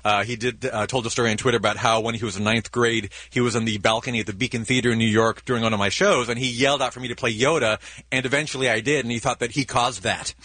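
Quick, bright-voiced man guest. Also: medium pitch, steady tone, dry recording. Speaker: musician guest. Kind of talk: casual interview chat.

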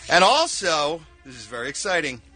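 A man's voice: fairly high pitch, sing-song, normal speed, bright, forceful tone, soft background music. A man from Philadelphia, a regular on a radio morning show, doing a playful live read and hamming up his hometown accent. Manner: playful, hams up a Philly accent for laughs.

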